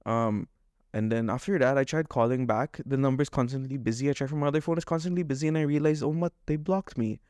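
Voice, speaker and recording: Male podcast co-host, worked-up fast rant, dry close mic. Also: mid-range voice, steady tone, darkish tone, clean tone, no echo. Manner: agitated, fast ranting with quoted exchanges.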